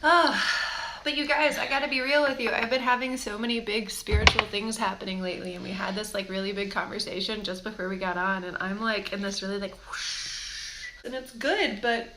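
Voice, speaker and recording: A young woman co-hosting a casual tarot chat, halting and giggly, with lots of fillers. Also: medium pitch, steady tone, background noise. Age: young adult. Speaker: tarot co-host.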